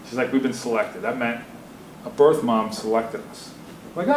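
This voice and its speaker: A man's voice: mid-range voice, big pitch swings, moderate pace, long pauses. Emotional anecdotal businessman in a roomy hall. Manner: candid, anecdotal, openly emotional. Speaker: guest speaker. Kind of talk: lecture to students. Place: university lecture room. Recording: roomy hall with faint background hiss.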